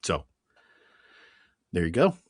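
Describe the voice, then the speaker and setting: A man's voice: low voice, big pitch swings, takes it slowly, no echo, studio quality. A man co-hosting a podcast in casual chat, wry and teasing, sometimes reading credits in a list. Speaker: podcast co-host.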